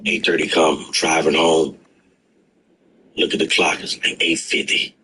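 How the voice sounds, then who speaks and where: A bright-voiced middle-aged man spins a loose, profane story in casual podcast talk. He jumps into his old lines as he tells them, keeping things lively. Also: a bass voice, a little slow, pauses often. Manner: animated and profane, acting out his own past lines. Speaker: guest storyteller.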